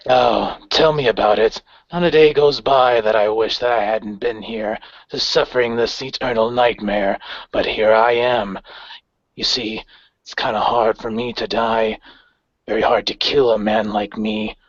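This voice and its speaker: A man playing a grim, cold gang leader who speaks with measured, menacing calm. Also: lowish voice, no room sound, voice pushed down. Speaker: player voicing his character. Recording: dry, dull lo-fi recording.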